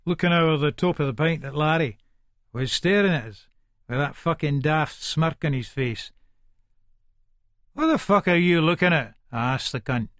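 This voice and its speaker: A man's voice: medium pitch, no echo, studio quality, natural voice. An actor with an Edinburgh Scots accent playing a volatile, foul-mouthed hardman who narrates his own story in an audiobook, talking aggressively and swearing constantly. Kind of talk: first-person audiobook narration.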